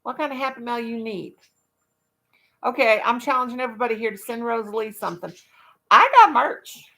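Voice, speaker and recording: A woman's voice: a little high, a little fast, creaky, fairly bright tone. A woman chatting casually on her livestream, folksy and talkative, breaking into baby talk to her dog now and then. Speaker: livestream vlogger.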